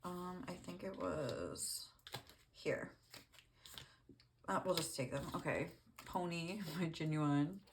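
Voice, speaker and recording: A tarot reader with a lowish voice speaks slowly and pauses often while reading cards, with a little hiss or hum on the recording. She's casual and rambling, laughs often, and fills her speech with "like" and other fillers.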